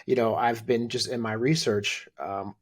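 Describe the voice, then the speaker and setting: A man hosts an interview, chatty and eager. His voice sits at a middle pitch with a husky edge, and he fills his sentences with loose fillers. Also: steady tone, a little slow. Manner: enthusiastic, chatty, with many fillers. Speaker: host. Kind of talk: interview conversation.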